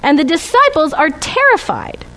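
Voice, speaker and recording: A woman's voice: high voice, very animated, moderate pace, a bit bright, poor audio. A woman teaching a Bible study class with slides, talking conversationally and often checking in with "right?" and "okay?".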